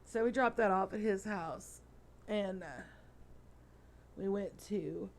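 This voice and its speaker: A woman's voice: medium pitch, slow. A middle-aged woman hosting a let's play, tired and yawning as she rambles through chatty stories while she plays. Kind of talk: casual gameplay chat.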